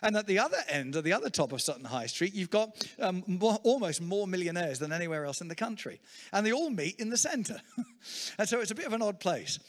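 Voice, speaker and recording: Lively preacher man. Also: high voice, a little fast, big-room sound. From England. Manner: lively, humorous storytelling preacher. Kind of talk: sermon with storytelling.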